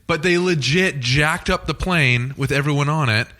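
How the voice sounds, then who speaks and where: Joking Canadian podcast host, bright voice. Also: male voice, fairly high pitch. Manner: joking, quick banter. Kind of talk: casual podcast chat.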